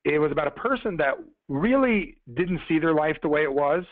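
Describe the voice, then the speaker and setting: A man telling a motivational story on a conference call, talking fast and conversationally, addressing the listeners directly. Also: fairly high pitch, animated, dry recording. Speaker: motivational speaker. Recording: tinny phone-line call.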